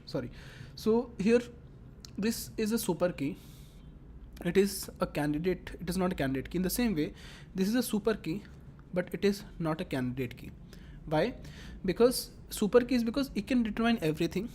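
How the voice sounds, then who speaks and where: A woman's voice: lowish voice, animated, fairly quick, mellow, slight background noise. A woman teaching a lecture, explaining step by step and repeating her phrases as she works through examples. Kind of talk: classroom lecture.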